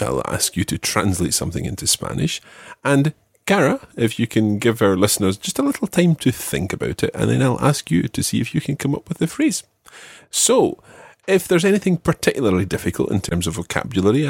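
A man teaching a language lesson, patiently quizzing a student and repeating each phrase clearly. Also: on the low side, no echo, clean studio sound. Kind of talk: guiding a student through a spoken quiz.

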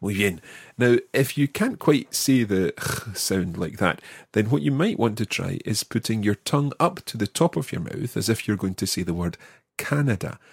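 A man hosting an audio language lesson, patiently explaining and slowing down to model each word. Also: lowish voice, lively intonation, gravelly, husky, no echo, clean studio sound. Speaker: language teacher, podcast host.

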